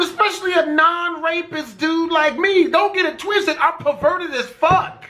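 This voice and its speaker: A young man with a very high speaking voice tells a story from his own life in a loose, rambling way. He swears constantly and gets animated, sometimes jumping into excited shouts. His tone stays bright and forceful. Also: a little slow. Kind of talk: casual storytime monologue.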